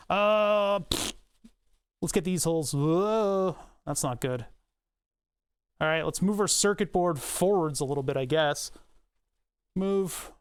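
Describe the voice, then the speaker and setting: A man with a fairly high, smooth voice streams live, chatting casually with his viewers while he works on a design. He rambles, tosses in joking asides, and laughs at himself.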